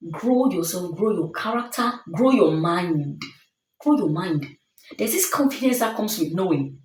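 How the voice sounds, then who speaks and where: An earnest woman vlogger talks the listener through self-love, stressing each point and repeating key lines like refrains. Her voice sits slightly low. She sounds set back from the mic in a roomy, echoing space. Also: darkish tone, recorded from a distance. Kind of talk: motivational talk to camera.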